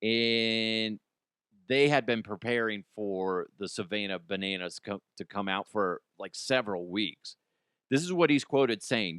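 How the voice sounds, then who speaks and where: A middle-aged man riffs through a comedy podcast with a bright, crisp voice. He is self-mocking and reads ads casually. The sound is close and dry. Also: unhurried, no room sound. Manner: self-mocking, jumps into high squeals for jokes.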